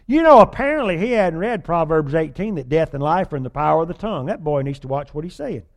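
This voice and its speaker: A man with a fairly high-pitched voice preaches in a folksy, humorous way. He mixes scripture reading with playful asides and exaggerated whining impressions. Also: expressive, fast. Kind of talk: sermon.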